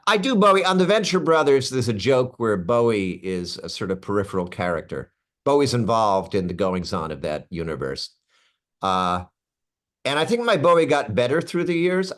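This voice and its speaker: A man's voice: medium pitch, moderate pace. A man in his sixties, an actor, chatting in an interview, telling stories with asides and restarts. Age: 60s. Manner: animated storyteller with asides and restarts. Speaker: actor guest. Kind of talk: casual interview chat.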